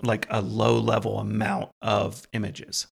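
Gravelly-voiced man asking questions. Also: on the low side, little pitch movement, a little slow. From Pennsylvania, US. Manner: questioning, reacting with surprise. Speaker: co-host. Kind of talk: casual discussion.

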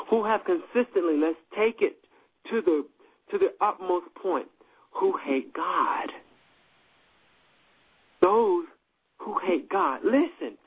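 A man preaching with a fervent, impassioned delivery, his voice often jumping up high for emphasis. His tone is somewhat husky and fairly high for a man. The sound is thin and tinny, as if carried over a phone line. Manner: impassioned, rising to high emphatic peaks, with restarts and repeated words. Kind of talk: sermon.

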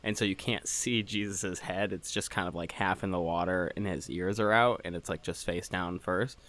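Man, very low pitch, bright forceful tone, rambling casual critique. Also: steady tone, normal speed. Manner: rambling, many "like" fillers. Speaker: podcast co-host.

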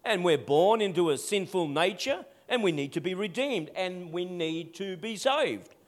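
A pastor preaching a sermon, calling out for amens and dropping to a soft, intimate voice at times. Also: male voice, high-pitched, lively intonation, moderate pace. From Netherlands. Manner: call-and-response preaching, asks for amens.

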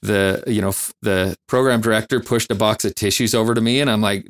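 A man, a firefighter and flight nurse, telling candid stories in an interview, reflective and halting with many fillers. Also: mid-range voice, fairly even intonation, a bit bright, no echo, studio quality.

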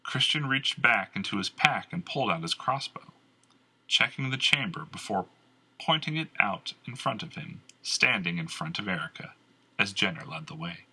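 A man narrating a fantasy novel in a measured, expressive scripted read. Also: fairly low pitch, breathy edge. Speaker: audiobook narrator.

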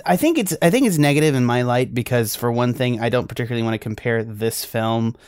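A man's voice: medium pitch, fast talker, a little mellow, clear, resonant tone, no room sound, studio quality. An American man co-hosting a film review podcast, talking casually and rambling with many restarts. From United States. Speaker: podcast co-host.

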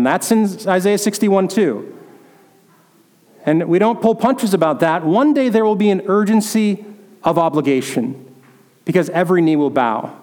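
Sitting high in pitch and a bit mellow, a pastor's voice carries with big-room sound. His sermon unfolds through stories in which he acts out what each person says.

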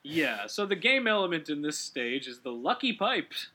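A man hosting casual gaming commentary in a fairly high, bright voice. His pitch bounces all over as he rambles, restarts his thoughts and breaks into giggles. The tone stays loose and easygoing throughout. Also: very animated, normal speed. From Canada. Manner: rambling, self-correcting, giggly. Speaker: let's play host.

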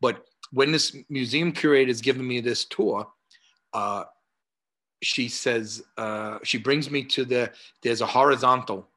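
A man in his sixties with a New York accent, a guest telling stories over a video call, animated and acting out dialogue between many "uh" fillers. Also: mid-range voice, unhurried. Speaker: guest, martial arts historian. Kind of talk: conversational storytelling.

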